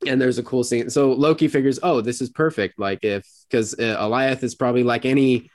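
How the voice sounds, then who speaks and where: A man co-hosting a podcast, recapping an episode in a rambling casual way and acting out quoted lines in high voices. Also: steady tone, fairly quick, no echo. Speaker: podcast co-host.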